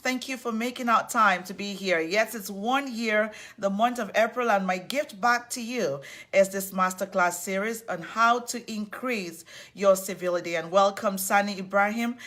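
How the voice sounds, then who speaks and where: A woman's voice: mid-range voice, normal speed, fairly bright tone. A woman hosting a live online talk, effusive and upbeat, greeting viewers by name and welcoming them in. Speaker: host of an online civility series.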